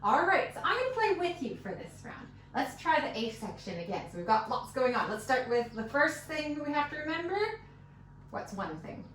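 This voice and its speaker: Her high voice is very animated, a little fast and fairly bright as she leads a one-on-one fiddle lesson. She counts beats aloud and encourages patiently while fiddle plays in the background, captured by a distant mic in an echoey room with slight hiss or hum.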